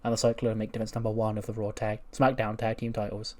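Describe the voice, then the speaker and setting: A man's voice: lowish voice, level tone, fast, darkish tone. A man hosting a game channel, casually recapping simulated wrestling matches with blunt, swearing commentary.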